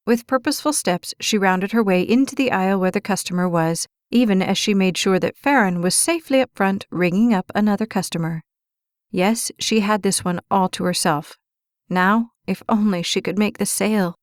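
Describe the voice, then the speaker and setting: A woman narrates a romance audiobook in a measured, expressive way, at a middle pitch. The recording is close and dry, with no room sound. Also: no echo.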